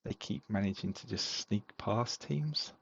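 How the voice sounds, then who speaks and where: With a lowish, creaky voice carrying a breathy edge, a man co-hosts a podcast and speaks a little slowly. He rambles relaxedly about fantasy football game results, using lots of fillers, in lo-fi sound.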